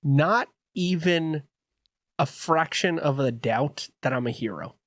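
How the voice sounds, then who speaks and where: A young man co-hosting a podcast, telling a long story in a rambling, animated way. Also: fairly high pitch, slow pace, dry recording, studio quality. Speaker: podcast co-host. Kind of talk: casual storytelling chat.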